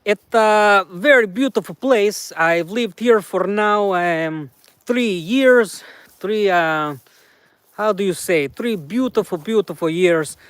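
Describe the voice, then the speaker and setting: Man doing a hesitant mock-Russian accent, high voice, close and dry, for a joking bit. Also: fairly bright tone, clear, resonant tone, dry recording. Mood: playful. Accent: put-on Russian accent. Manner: halting, searching for words.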